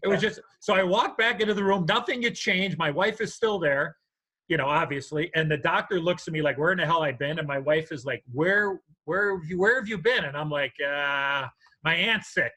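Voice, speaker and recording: An older man telling a story on a podcast, his voice bright and a little high, and he acts out every character as he goes. Lively and animated, he's a natural storyteller in easy chat. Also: fairly quick, low-quality recording. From United States. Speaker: podcast co-host.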